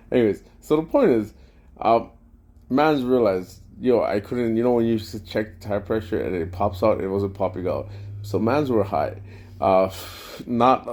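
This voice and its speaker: A man telling a rambling, profane story in a casual vlog rant, full of slang and excited outbursts. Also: fairly low pitch. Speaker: vlogger.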